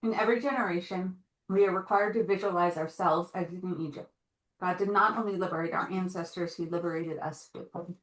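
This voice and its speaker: A woman in a study class reading a passage aloud, steady and careful. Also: fairly low pitch, a little fast. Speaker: student reading texts aloud. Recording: echoey room.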